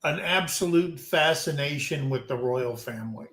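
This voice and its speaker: An American man hosting a casual live-stream chat, telling long stories in a rambling, unhurried way. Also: on the high side, fairly bright tone, roomy sound. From United States. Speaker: host.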